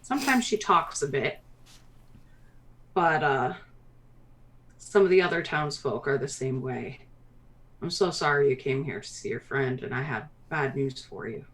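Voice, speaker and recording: A woman's voice: extremely low pitch, expressive, measured pace, long pauses, voice pushed down. A woman voicing a kindly, fretful middle-aged female dwarf mayor who speaks in a motherly, hesitant way. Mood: somber. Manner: motherly, hesitant, hushed when delivering bad news.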